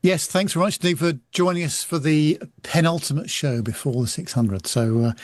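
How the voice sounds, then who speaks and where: Higher-voiced man signing off a podcast. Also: a little fast, darkish tone, no room sound. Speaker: podcast host. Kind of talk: casual chat and show sign-off.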